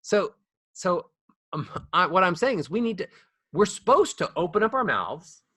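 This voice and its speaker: A man's voice: sits high, big pitch swings, moderate pace, pushed and bright, husky, dry recording, studio quality. A middle-aged man, a voice coach being interviewed, talking in a demonstrative way and shifting volume and melody to show his examples. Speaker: voice coach guest. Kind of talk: animated interview talk. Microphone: small ball microphone close up.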